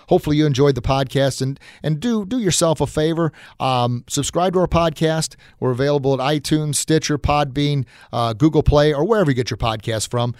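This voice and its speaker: A man hosts a motivational podcast in a folksy, encouraging manner, full of fillers. His voice sits at a middle pitch and sounds dry and close to the mic. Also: darkish tone, no room sound. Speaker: podcast host. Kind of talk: motivational talk.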